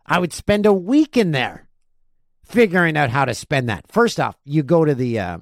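A man's voice: on the high side, vocal fry, dry recording, studio quality. A man hosting a casual podcast, reading listener emails and joking between them. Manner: animated, jokey, reads emails aloud with quick asides. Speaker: podcast host.

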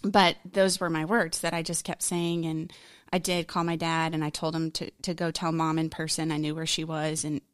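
A woman's voice: low voice, little pitch movement, normal speed, hardly any pauses, dry recording, clean studio sound. Frank woman recounting a loss. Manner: frank, candid, rambling with fillers. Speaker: podcast guest. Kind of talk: personal storytelling in conversation.

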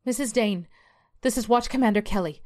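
A woman reading a dark story aloud, voicing a stout male police watch commander who appeals firmly and calmly. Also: a little high, voice pushed up, natural voice. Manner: firm, measured appeals.

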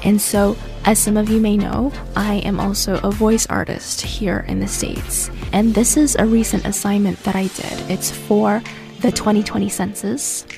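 Casting note: woman, gravelly low-edged voice, teacher explaining slowly, music bed behind. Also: flat delivery. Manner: gentle, explanatory, speaks slowly. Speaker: English teacher and host. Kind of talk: casual lesson talk. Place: based in the US.

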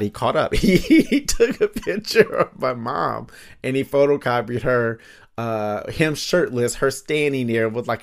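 A man hosting a solo podcast in a casual, rambling way, laughing often, with lots of fillers and swearing, recorded on a studio microphone. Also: medium pitch. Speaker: podcast host.

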